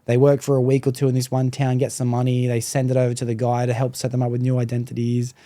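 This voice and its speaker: A man hosting a podcast, telling a story in a casual, profane, animated way. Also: mid-range voice, fast talker, no room sound. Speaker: podcast host.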